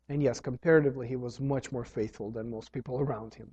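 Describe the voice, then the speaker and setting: A man preaching a sermon, earnest, rising loud on key phrases and dropping low between them. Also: steady tone, quick pace, few pauses, breathy edge. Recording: dull sound with long hall reverb.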